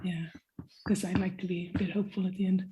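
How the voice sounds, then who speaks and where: A woman's voice: fairly low pitch, level tone, fast, mellow, slight background noise. A woman from Ireland, a comics author who is a guest on an interview and talks in a chatty way, with phrases that trail off and easy laughter. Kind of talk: casual conversation.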